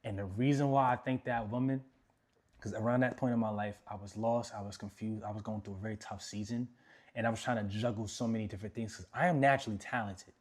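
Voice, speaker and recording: A young man from New York, a motivational speaker, telling his life story in a casual Q&A with animated, slangy emphasis. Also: fairly low pitch, fast talker.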